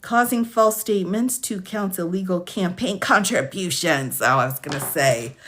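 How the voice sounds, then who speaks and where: A woman attorney hosting a casual livestream, reading out charges and sentences quickly, chatting with viewers by name and laughing often. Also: on the low side, fairly bright tone, slight background noise. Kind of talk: casual livestream commentary reading case lists.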